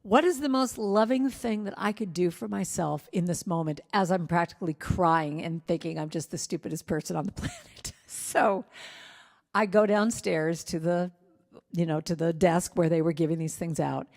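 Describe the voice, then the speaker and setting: A woman's voice: fairly low pitch, moderate pace, creaky, a little mellow. Candid woman speaker in a reverberant hall. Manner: candid, self-deprecating storytelling. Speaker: guest speaker and singer. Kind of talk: sermon-style personal story. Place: spiritual center hall.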